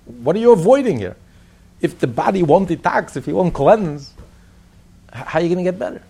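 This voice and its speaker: A man's voice: high-pitched, big pitch swings, brisk, gravelly, warm tone, husky. A man teaching a religious text class in an emphatic manner, repeating his points and asking rhetorical questions. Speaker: Torah teacher.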